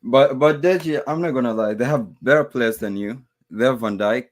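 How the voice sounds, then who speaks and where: A man calling into a fan stream, arguing his side in a calm, matter-of-fact way. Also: mid-range voice, normal speed. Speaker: caller, rival football fan. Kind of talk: casual debate on a call.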